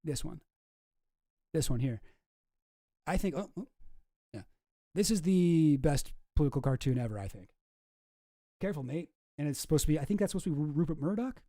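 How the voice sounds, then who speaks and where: A man hosts a casual reaction commentary in a somewhat high voice, ranting profanely. His tone stays dark and mellow, and he breaks off and restarts his sentences often. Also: animated, fairly quick, pauses often. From Canada. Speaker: commentary host.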